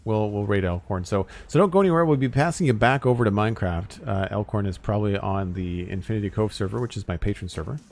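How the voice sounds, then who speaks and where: Low-voiced man streaming a game. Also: fast talker, gravelly, hardly any pauses. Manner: relaxed, rambling with frequent ums and uhs. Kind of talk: casual live-stream chat.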